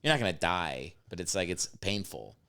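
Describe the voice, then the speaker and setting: A man recapping a show for his podcast guests. His pitch swings widely as he acts out the people in the story, and he swears freely and often breaks into laughter. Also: expressive, moderate pace, gravelly, sharp tone, clear, resonant tone. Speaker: podcast host. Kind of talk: casual chat.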